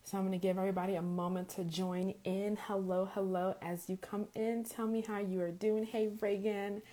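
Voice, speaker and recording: A woman with a raspy voice from a sore throat, hosting a casual live stream as a faith coach, greeting viewers by name and checking in with "okay?". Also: medium pitch, little pitch movement, moderate pace, hardly any pauses, warm tone.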